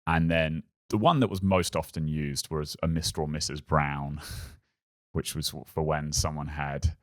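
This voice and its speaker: A man's voice: rumbling low, measured pace. A man, a podcast guest, telling a funny story in casual chat. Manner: animated, acts out shouted quotes.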